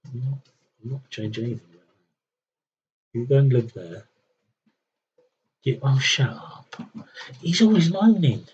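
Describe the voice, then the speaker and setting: A man's voice: medium pitch, steady tone, a little slow, pauses often, dull audio, slight background noise. A young man streaming a strategy game, thinking aloud with wry, muttered commentary. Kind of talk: casual live gameplay commentary.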